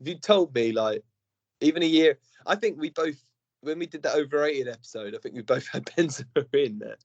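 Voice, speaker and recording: A man's voice: a little high, animated, a little fast, dull audio. Laughing man chatting about football. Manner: laughs often, does silly impressions. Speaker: podcast co-host. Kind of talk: casual football chat.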